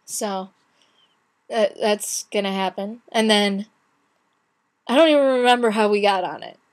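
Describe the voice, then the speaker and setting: A woman's voice: mid-range voice, unhurried. A young woman chatting casually in a video blog, retelling her day with many restarts and acted-out quotes. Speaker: vlogger. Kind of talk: casual chat.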